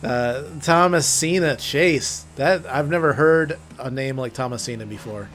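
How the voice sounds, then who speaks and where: A man's voice: medium pitch, a little slow, a bit bright, soft background music. A man co-hosting a live game stream, chatting in a laid-back way, often stammering and restarting as he greets viewers by name. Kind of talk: casual chat.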